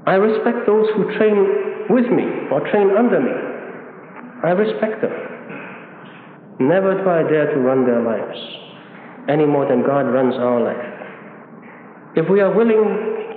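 Man preaching a sermon, kinda high voice, thin tinny sound, lots of rhetorical questions. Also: animated, measured pace, pauses often. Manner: emphatic, rhetorical questions, dramatic shifts between loud challenge and soft reverence. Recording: echoey hall, phone-like band, faint hiss.

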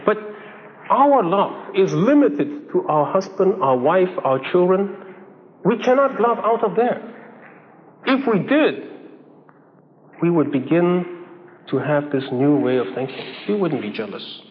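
A man's voice: high voice, expressive, measured pace, long pauses. A man preaching a sermon in a conversational way, acting out little dialogues and chuckling as he goes. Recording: dull echoey hall recording with faint hiss.

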